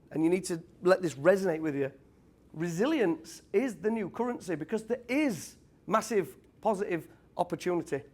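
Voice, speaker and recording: High-voiced British man, lively stage talk. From United Kingdom. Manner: energetic, quizzes the crowd, blunt tradesman talk. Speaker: speaker at a property event. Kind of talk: motivational talk to a live audience.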